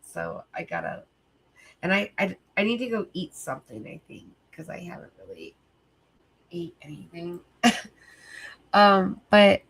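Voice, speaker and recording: A woman's voice: fairly low pitch, very animated, measured pace, creaky, long pauses, fairly bright tone, husky. A tired woman hosting a livestream, chatting casually with viewers in a rambling way, full of fillers and swearing. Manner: rambling, filler-heavy, profane. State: sleepy, tired. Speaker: livestream host.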